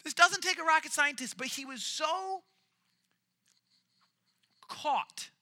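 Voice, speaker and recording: A man preaching a sermon, retelling a story in an animated, jokey way. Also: extremely high pitch, takes it slowly.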